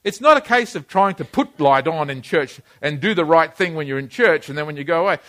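A male preacher delivering a sermon in church, with a somewhat high voice. He speaks emphatically, repeating key phrases and calling on the congregation to say lines with him. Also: animated, brisk, a bit bright. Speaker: pastor.

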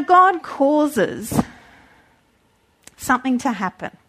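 A woman preaching a sermon in an animated way, acting out voices when she quotes. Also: sits high.

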